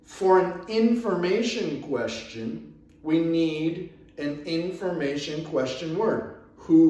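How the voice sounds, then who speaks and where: A man teaching an English grammar lesson, explaining slowly and patiently with repeated examples. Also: a little high, darkish tone. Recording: echoey room, far from the mic.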